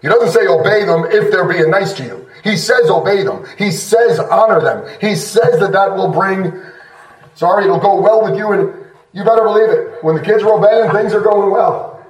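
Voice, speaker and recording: A man's voice: high voice, normal speed, roomy sound, recorded from a distance, poor audio. A middle-aged man preaching a sermon as pastor, in a conversational, self-deprecating way with sudden bursts of emphasis.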